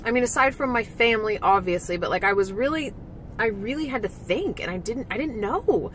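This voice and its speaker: A woman's voice: on the high side, animated, brisk, a bit bright, a little hiss or hum, rough recording. A woman vlogging candidly about competing, emotional and frank, swearing now and then and leaning on lots of "like" fillers. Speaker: vlogger and former physique competitor. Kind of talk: candid personal vlog.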